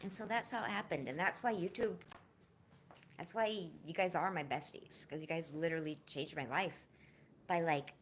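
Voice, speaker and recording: A woman hosts a relaxed livestream, her voice on the low side and her pace moderate, with a bit of hiss or hum present. She talks to viewers in a warm, heartfelt, confiding way, then chats with the chat, lively, laughing and cracking jokes.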